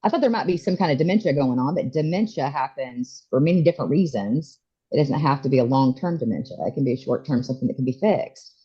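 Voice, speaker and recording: A woman in her forties speaks in a mellow, slightly husky voice. She talks with feeling, often stopping and starting again. The audio sounds dull and lo-fi. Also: a bass voice, animated. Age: 40s. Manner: emotional, halting, many restarts. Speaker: interview guest. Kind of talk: candid personal story.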